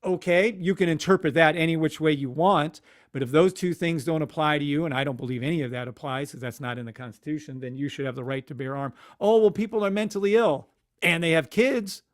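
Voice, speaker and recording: A man's voice: fairly high pitch, steady tone, quick pace. A man hosting a casual live stream, ranting animatedly with swearing and muttering to himself at his computer. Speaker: livestream host.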